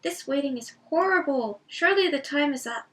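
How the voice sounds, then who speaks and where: A woman's voice: high-pitched, animated, normal speed, voice pushed up. A woman voicing Pippin, an impatient, complaining young male hobbit.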